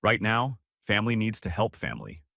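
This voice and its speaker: A man's voice: lowish voice, sing-song, brisk, creaky, sharp tone, no echo, clean studio sound, exaggerated voice. A man voicing a stubborn older grandfather in a read-aloud family story, cold and commanding. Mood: stern.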